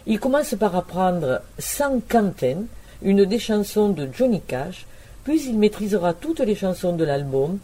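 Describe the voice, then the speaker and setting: A woman narrating a documentary script in a measured, even way. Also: mid-range voice.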